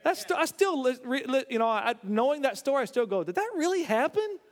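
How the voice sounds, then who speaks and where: A man's voice: very high-pitched, animated, quick pace, long reverb tail. A man preaching a sermon, telling stories with emphatic stammered restarts. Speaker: pastor.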